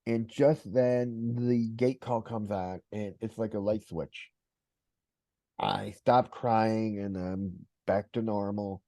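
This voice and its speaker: A man's voice: lowish voice, fairly even intonation, slow pace, dark tone, no room sound. A man hosting a podcast interview, talking casually and retelling a personal story with quoted voices. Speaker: podcast host.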